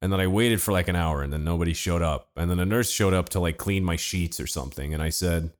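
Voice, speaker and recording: A man's voice: deep voice, quick pace, hardly any pauses. A man casually telling a long personal story to friends, laid-back and swearing freely. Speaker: podcast co-host telling a story.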